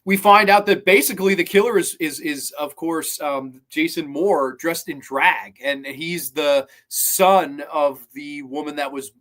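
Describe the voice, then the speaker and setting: A man's voice: on the high side, unhurried, hardly any pauses, fairly bright tone. A man in his twenties giving a casual spoken film review, enthusiastic and swearing freely. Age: 20s. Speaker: movie reviewer.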